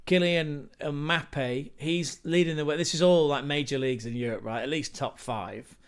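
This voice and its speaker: A man's voice: a little high, moderate pace, smooth. A man hosting a football channel, talking through stats in a chatty, rambling way with asides to viewers. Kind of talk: casual football stats commentary.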